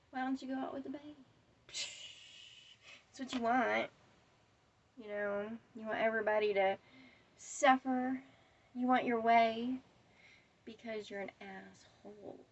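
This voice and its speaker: A woman's voice: a little high, fairly bright tone, recorded from a distance, dull audio. A woman delivering a defiant, profane rant straight to camera. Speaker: vlogger. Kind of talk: angry monologue to camera.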